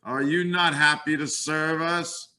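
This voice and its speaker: A cruel alien overlord sneering at his slave in a contemptuous tone, read aloud by a man. He speaks slowly, with a forceful, bright edge. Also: fairly high pitch, fairly even intonation.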